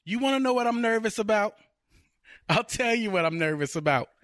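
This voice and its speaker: A man's voice: animated, a bit bright, no echo, clean studio sound. A man reading the part of an anxious, exasperated woman fiancée in a comedic scene reenactment. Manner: high, fast, pleading complaints.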